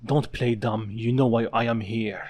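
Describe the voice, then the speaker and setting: A man's voice: mid-range voice, fairly even intonation, moderate pace, a little mellow, lightly acted. A man voicing a furious teenage boy with a demonic fox spirit, growling and menacing. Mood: growling menace.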